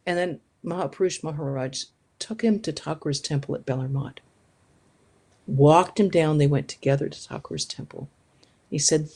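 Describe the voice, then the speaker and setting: Lively, low-pitched nun telling stories. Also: female voice, moderate pace, slightly rough. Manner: lively, acts out quoted voices with big pitch swings. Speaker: Vedanta nun giving a talk. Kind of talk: anecdotal storytelling talk.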